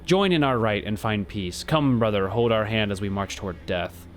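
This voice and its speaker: A man's voice: lowish voice, moderate pace, a little hiss or hum, voice pushed down, lightly acted. A man voicing a solemn male cult leader, preaching about death in a grave, archaic way, with faint game music behind. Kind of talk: reading game dialogue aloud.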